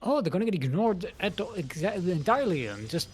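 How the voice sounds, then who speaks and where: An esports caster giving live play-by-play, animated and laughing, with frequent hesitations. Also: medium pitch, brisk, a little hiss or hum. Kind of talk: live game commentary.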